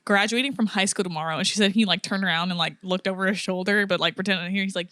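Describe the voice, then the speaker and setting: A young woman on a podcast tells a long personal story in casual chat. She laughs a lot and acts out each quote, at a middle pitch. The sound is close and dry. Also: quick pace, pushed and bright, dry recording. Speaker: podcast co-host.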